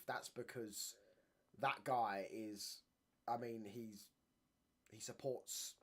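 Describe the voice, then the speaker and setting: A young man, hosting a casual livestream, rambling in slangy talk and often asking "you get what I'm saying". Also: mid-range voice. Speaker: channel host. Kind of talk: casual livestream chat reading comments.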